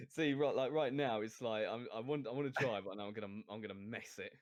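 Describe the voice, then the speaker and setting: A man's voice: fairly low pitch, a little fast. A young man, a guest on a casual podcast recorded over a voice call, speaking hesitantly and laughing at himself. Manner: hesitant, self-deprecating, laughs often. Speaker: guest streamer. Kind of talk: casual chat. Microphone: home mic over a voice call.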